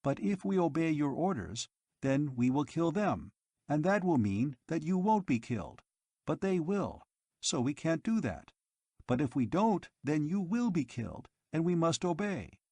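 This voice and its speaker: A man voicing a loud looping patrol robot. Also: a little high, very animated, a little slow, no echo, voice pushed up, heavily acted. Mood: frantic looping. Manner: loud, repetitive looping reasoning. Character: patrol robot stuck in a logic loop.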